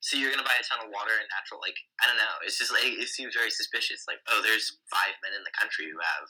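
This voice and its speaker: A young man talks with friends in a loose, rambling way, full of fillers and wisecracks. His voice sits on the low side yet sounds very bright and forward. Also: fast, breathy edge, poor audio. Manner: rambling, many fillers, jokey. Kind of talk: casual chat among friends.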